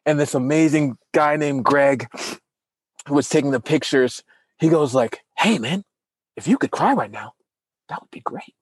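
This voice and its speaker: There's a breathy edge to this man's voice as he speaks at normal speed, with no room sound. He tells a heartfelt personal story in casual conversation, acting out what others said with large pitch swings.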